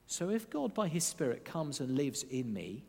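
A man preaching a sermon as pastor during a church service, earnest and expressive, slowing down to lean on key phrases. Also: a little high, gravelly. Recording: long reverb of a large church hall.

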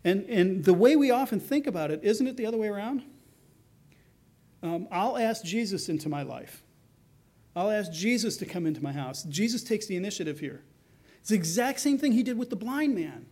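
A man's voice: high voice, animated, fairly quick, dark tone. A middle-aged male pastor preaching a sermon in a conversational way, acting out the voices he quotes.

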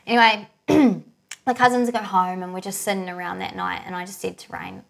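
Animated woman telling a family story. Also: medium pitch, moderate pace, vocal fry. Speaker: podcast co-host, mother. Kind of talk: casual chat.

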